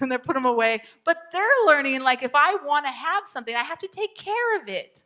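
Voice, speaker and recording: A woman's voice: high voice, lively intonation, fairly quick, few pauses, pushed and bright. A woman leading a parenting class at a church. She talks in an encouraging way, repeats her key points and laughs often. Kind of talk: live parenting class talk.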